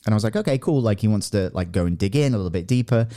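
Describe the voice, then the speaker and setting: A man in his thirties co-hosting a podcast, telling a story in casual chat and acting out quotes with excitement. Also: racing. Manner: animated, acts out quotes in a high excited voice. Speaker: podcast co-host.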